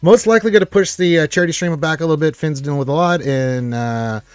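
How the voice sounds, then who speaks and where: A man's voice: fairly high pitch, quick pace, smooth, no room sound. A man hosting a casual live stream, reading viewer comments aloud in an upbeat, rambling way with many fillers.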